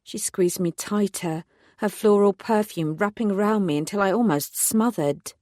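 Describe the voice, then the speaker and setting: Clean studio audio with no room sound carries a woman's fairly low voice as she narrates an audiobook in the first person. Her storytelling stays steady and measured throughout.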